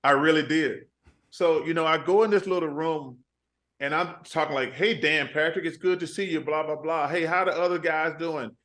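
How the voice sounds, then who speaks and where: A man, a guest telling animated stories in a casual interview. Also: fairly high pitch, normal speed. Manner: animated storyteller, quoting himself and others.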